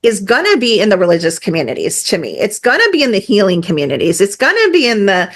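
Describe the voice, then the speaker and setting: A middle-aged woman talking as a guest on a podcast, animated and emphatic, with many fillers and acted-out quotes. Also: medium pitch, fast talker. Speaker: guest energy healer. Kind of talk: casual podcast conversation.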